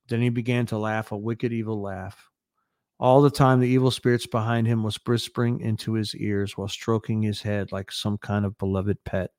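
A man reads a prophetic vision aloud, earnest and dramatic. His voice is smooth and resonant, and it sits at an ordinary male pitch. The recording is close and dry. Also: level tone, normal speed, a little mellow, no room sound. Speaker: newscast host.

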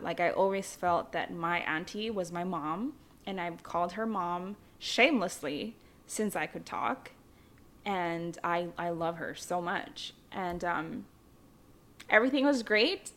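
A young woman from the Philippines telling her childhood story in a candid, chatty way, with frequent fillers and casual swearing. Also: on the low side. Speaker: vlogger.

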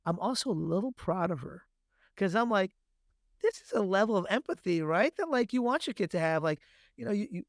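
Podcast co-host, man, 30s, lively storyteller, somewhat high voice, dry close sound. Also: fairly quick, no echo. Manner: animated storyteller, acts out his kids' voices. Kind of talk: casual chat.

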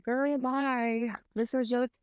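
A woman's voice: on the high side, little pitch movement, slow pace, clear, resonant tone, no echo. A woman in her twenties, co-hosting a podcast, telling a personal story in casual chat, rambling with lots of fillers. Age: 20s. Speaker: podcast co-host.

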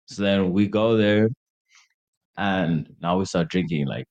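A man's voice: low-pitched, a little slow, a little mellow, highs cut off. A young man co-hosting a podcast, casually telling a party story, acting out quotes in a raised voice and laughing often. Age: young adult. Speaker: podcast co-host.

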